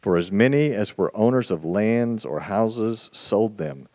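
Man, pastor, sermon, low voice, folksy, conversational. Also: expressive, warm tone. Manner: conversational, folksy, self-deprecating; slow, deliberate scripture reading.

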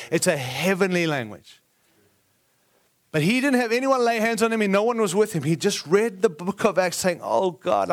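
A man preaching a sermon, telling a family story with acted quotes, frequent asides and self-corrections. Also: sits high.

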